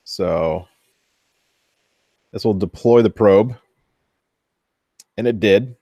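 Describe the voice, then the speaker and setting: A man narrating his own workshop build in a casual, chatty vlog. He talks slowly in a lowish voice and thinks aloud as he goes. The sound is dry and close. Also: warm tone, dry recording, dull audio. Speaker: 3D printing hobbyist host.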